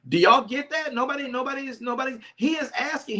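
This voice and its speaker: A man preaching a sermon in an animated, dramatic way, often calling out to his listeners. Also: very high voice, fast talker. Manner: uses "y'all" and direct address.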